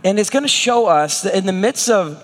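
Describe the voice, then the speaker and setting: A man's voice: sits high, animated, moderate pace, long reverb tail. A man preaching a sermon as a pastor, acting out the prayers and words of the people he talks about.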